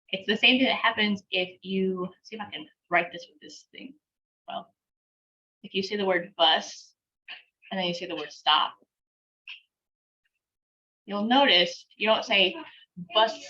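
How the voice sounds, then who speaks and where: A woman teaching an online language class, patiently breaking words into syllables and repeating them slowly, with a light laugh now and then. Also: mid-range voice, bright, forceful tone. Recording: dull lo-fi class recording.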